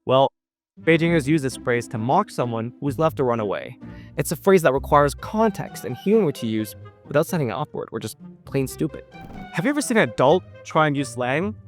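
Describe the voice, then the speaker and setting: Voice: mid-range voice, animated, a little fast, faint music behind. A narrator and language teacher giving scripted explainer narration in a playful, jokey way.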